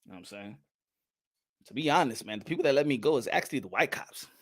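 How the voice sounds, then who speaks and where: A man hosting a boxing channel, talking loudly and profanely in a playful, laughing way. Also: mid-range voice, animated, fast talker, slightly rough. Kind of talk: casual livestream commentary.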